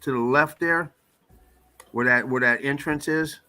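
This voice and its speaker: A man chatting casually on a live stream, relaxed and hesitant. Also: medium pitch, a little slow.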